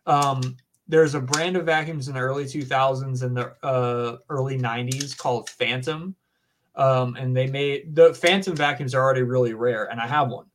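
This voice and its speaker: A man's voice: mid-range voice, steady tone, normal speed. Rambling young Southern man. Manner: rambling, filler-heavy, says dude and man. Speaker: podcast guest. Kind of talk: casual chat.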